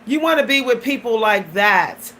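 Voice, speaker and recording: A woman's voice: on the high side, expressive, normal speed, fairly bright tone. A woman vlogger giving a blunt, emphatic personal monologue that often turns preachy.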